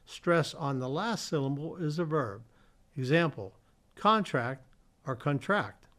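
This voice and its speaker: A man's voice: on the high side, moderate pace. A man with a slightly raised voice hosts a community television fact show from a studio. He reads trivia off slides in a chatty way, now and then tripping over a word and fixing it. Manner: reads from slides, stumbles and corrects himself. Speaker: host. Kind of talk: reading fun facts on a community TV show.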